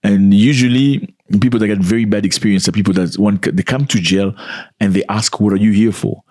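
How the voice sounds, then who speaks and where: A man's voice: on the low side, steady tone, brisk, darkish tone, dry recording, studio quality. A man giving casual video commentary, speaking conversationally and often putting questions to the viewer.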